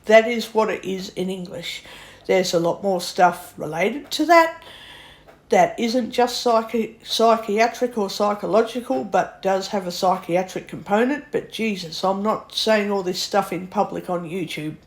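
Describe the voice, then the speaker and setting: A woman's voice: medium pitch, a little slow. Woman, blunt exasperated rant, swears a lot, casual vlog monologue. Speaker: vlogger. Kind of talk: ranting monologue to camera.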